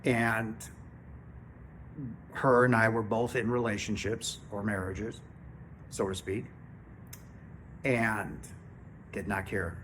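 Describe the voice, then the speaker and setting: Earnest low-voiced man in his fifties. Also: level tone, takes it slowly, pauses often, fairly bright tone, a little hiss or hum. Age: 50s. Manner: earnest, checks in with listeners often. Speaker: spiritual channel host. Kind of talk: casual spiritual monologue.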